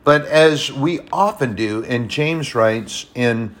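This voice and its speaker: A man preaching a sermon, telling personal stories, swinging between hushed and loud, emphatic passages. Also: medium pitch, takes it slowly, a little hiss or hum. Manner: storytelling, personal anecdotes.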